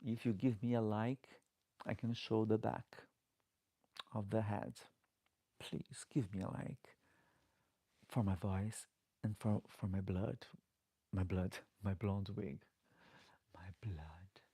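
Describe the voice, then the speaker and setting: A man's voice: lowish voice, level tone, slow, long pauses, mellow, no room sound. A middle-aged man hosting a live Q&A as a drag performer, chatting loosely in slightly broken English with lots of restarts. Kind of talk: casual live-stream chat, reading viewer comments. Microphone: desk microphone.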